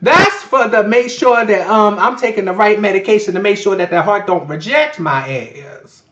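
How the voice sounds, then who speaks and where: A man's voice: high-pitched, moderate pace, bright, forceful tone. A man vlogging to a webcam in an indoor room, telling a story casually, chatty and profane. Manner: profane, chatty, addresses viewers as "Miss Girl". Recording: echoey, dull lo-fi webcam audio.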